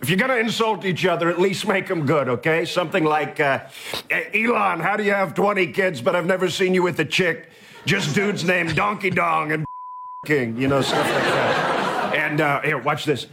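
A man's voice: fairly high pitch, normal speed, vocal fry, pushed and bright, slight background noise. An actor playing a brash, boastful older male president who rambles and throws sarcastic jabs in a comedy sketch. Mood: mocking. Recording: sketch-show clip with audience laughter.

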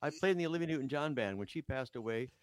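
A man's voice: mid-range voice, lively intonation, very fast, a little hiss or hum. An older man, a comedian and musician, chatting as a guest in a self-deprecating, rambling way with many fillers. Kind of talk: casual interview chat.

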